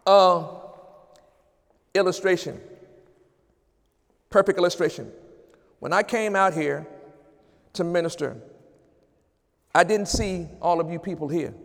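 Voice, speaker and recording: A man preaching a sermon as pastor at an evening church service, rising into shouted praise and call-outs. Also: high voice, slow, creaky, long pauses, big-room sound.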